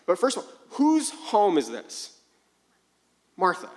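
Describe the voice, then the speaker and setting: A young male pastor preaching with a high, bright voice. He tells his stories in an animated way, acting out both sides of a conversation before turning to scripture. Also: slow. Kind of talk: sermon.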